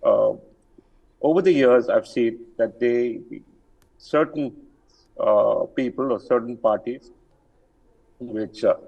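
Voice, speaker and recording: A man's voice: mid-range voice, takes it slowly, pauses often, dark tone, slightly rough, muffled recording. An older man, an army general speaking as an interview guest, firm and emphatic with many fillers and restarts. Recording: distant from the mic.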